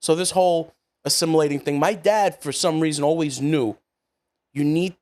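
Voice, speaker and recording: A man hosting a casual podcast chat, laughing often and jumping in with quick quips. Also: a little high, a little mellow. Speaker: podcast host.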